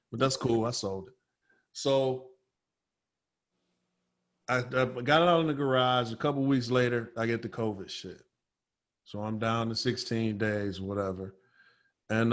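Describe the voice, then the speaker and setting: A man co-hosting a podcast, spinning a casual story in a mid-pitched voice. He talks loose and profane, peppering the tale with slangy asides and punchy emphasis. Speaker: podcast co-host.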